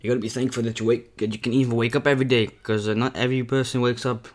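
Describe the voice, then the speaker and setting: In this mukbang vlog, a young man eats and talks to camera very fast, keeping a level tone at medium pitch. He's casual and candid, rambling and saying "man" frequently.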